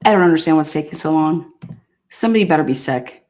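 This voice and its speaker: A woman's voice: deep voice, animated, fast talker, a little mellow, a little hiss or hum. A woman hosting a live stream, chatting casually with viewers in a sassy, blunt way and swearing now and then. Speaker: livestream host.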